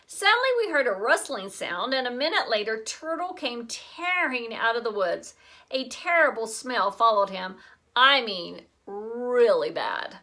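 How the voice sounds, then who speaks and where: Woman teacher reading a kids' chapter book aloud, high, lively and unhurried, bright tone. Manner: expressive and lively.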